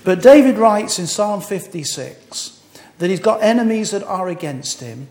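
A man with a high voice delivers a sermon in a church, his words ringing through a roomy, echoing space. He teases the congregation with gentle jokes, then slows to read scripture with weight. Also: expressive. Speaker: preacher.

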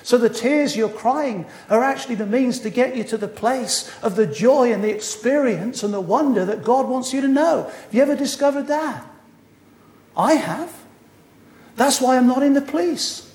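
A man's voice: extremely high pitch, moderate pace, darkish tone. A man in his sixties preaching a sermon, earnest with wry humorous asides. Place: church hall. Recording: echoey hall.

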